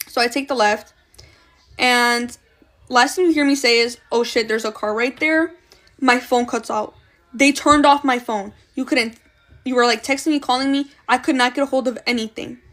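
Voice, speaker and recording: A young woman telling a chaotic personal story in a casual, swearing, animated way, acting out what people said. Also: on the high side, moderate pace. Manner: swearing, animated retelling with quoted voices.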